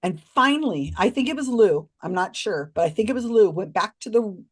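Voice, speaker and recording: A woman guest on a podcast, telling a story expressively with many restarts and asides. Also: breathy edge. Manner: expressive, swings pitch widely when recounting others; talks in quick restarts and asides. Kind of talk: animated storytelling in a casual interview.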